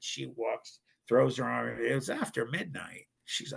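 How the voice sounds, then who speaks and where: Gravelly middle-aged man telling a story. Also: medium pitch, normal speed, hardly any pauses. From Ohio, United States. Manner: animated, acts out others' voices. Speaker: guest. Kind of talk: casual storytelling.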